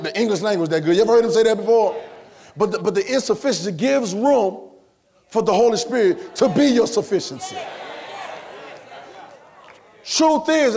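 A man preaching a sermon in church, repeating phrases and building to shouts. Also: sits high. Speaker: pastor. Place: church sanctuary.

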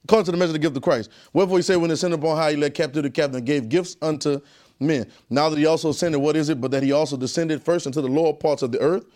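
A preacher with a somewhat high voice teaches a Bible class and draws spoken answers from the room. He hammers points through repetition and often sinks to a low, hushed voice for reverence. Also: steady tone, racing. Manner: emphatic and repetitive, often dropping to a low, quiet voice. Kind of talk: call-and-response Bible teaching.

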